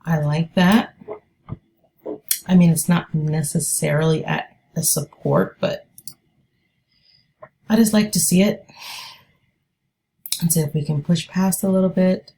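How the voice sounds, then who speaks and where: A woman giving live trading commentary, thinking aloud in a slow, unhurried way. Her voice sits fairly low and has a gravelly fry to it. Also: fairly even intonation, warm tone. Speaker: day trader.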